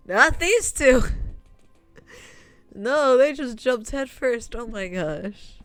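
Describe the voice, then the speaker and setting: A woman's voice: fairly high pitch, expressive, very slow, pauses often, no room sound, faint music behind. A woman streaming a visual novel, talking casually and sarcastically at the characters, laughing in disbelief. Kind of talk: casual gameplay commentary.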